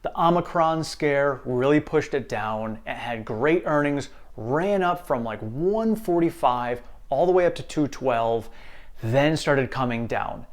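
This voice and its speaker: A man hosting an investing channel, talking viewers through their stock worries in an upbeat, reassuring way. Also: on the high side. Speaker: stock market channel host. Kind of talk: casual investing commentary.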